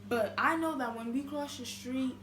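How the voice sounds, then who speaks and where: High-voiced sassy young woman telling a story. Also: normal speed. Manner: animated, sassy, lots of fillers. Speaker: vlogger. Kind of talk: casual storytime. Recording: echoey room with noise.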